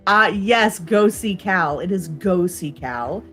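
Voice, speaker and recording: Woman co-host, casual chat, quick to laugh, slightly low voice, faint background music. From United States. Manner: laughs often, animated storytelling. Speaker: co-host of a live stream.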